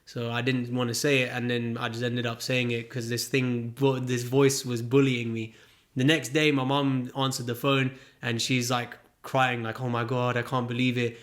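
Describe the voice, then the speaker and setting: A man as an interview guest, speaking earnestly and haltingly in a candid personal conversation, often restarting his sentences. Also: medium pitch, little pitch movement, a bit bright.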